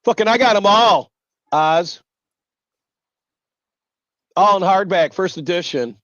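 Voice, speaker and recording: A man's voice: sits high, expressive, slow pace, a bit bright, no echo, lo-fi sound. A man hosting a livestream, ranting bluntly and swearing constantly. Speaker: livestream host. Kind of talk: casual livestream rant.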